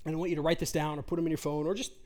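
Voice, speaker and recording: A man's voice: a little high, little pitch movement, rapid-fire, darkish tone. A man in his forties preaching an earnest, conversational sermon as a pastor, full of rhetorical questions.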